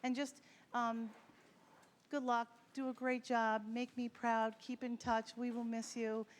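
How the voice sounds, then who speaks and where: A woman's voice: a little high, flat delivery, a little slow. A woman music teacher speaking at a school concert, informal and heartfelt, talking directly to her students. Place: school concert hall with an audience.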